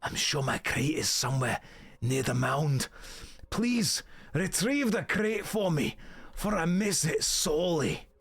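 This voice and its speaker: A man voicing an old male herb-gatherer in a put-on Scottish accent, reading game quest text aloud in a slow, theatrical way. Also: fairly high pitch, expressive, creaky, a bit bright, breathy edge, exaggerated voice. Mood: pleading.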